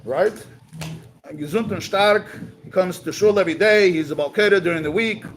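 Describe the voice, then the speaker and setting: A man's voice: high voice, normal speed, a little hiss or hum, poor audio. A man giving a talk, telling a story at a community gathering and mixing in Yiddish and Hebrew words.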